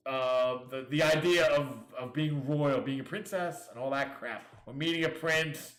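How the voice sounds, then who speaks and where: A man's voice: mid-range voice, normal speed, a bit bright. Sarcastic man ranting in an echoey room. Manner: sarcastic, crude, mocking; reads listings aloud then riffs. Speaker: show host. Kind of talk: casual livestream rant.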